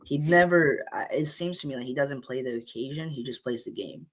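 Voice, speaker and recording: A man co-hosting a podcast, chatting casually about football, easygoing and quick to agree. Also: mid-range voice. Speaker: podcast co-host.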